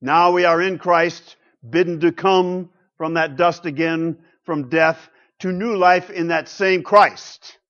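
Pastor preaching; man with a fairly high voice, dramatic shifts between loud and hushed, muffled recording. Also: steady tone, slow pace, few pauses. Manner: rhetorical questions, swings from loud to hushed. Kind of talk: sermon. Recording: muffled lo-fi sound.

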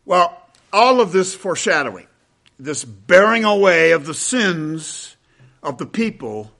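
A man preaching an expository sermon, quoting scripture at length in a measured cadence and slowing to stress key phrases. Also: high-pitched, sharp tone. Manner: deliberate, emphatic, with slowed stresses on key phrases.

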